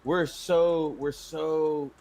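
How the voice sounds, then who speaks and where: A man's voice: on the high side, little pitch movement, very slow, over a noisy crowd. A man co-hosting a podcast in casual chat, teasing his friend in a dry, profane way. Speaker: podcast co-host.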